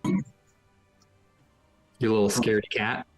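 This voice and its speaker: A man narrating as game master of a tabletop game, hesitant, with many pauses and restarts. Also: lowish voice, music in the background.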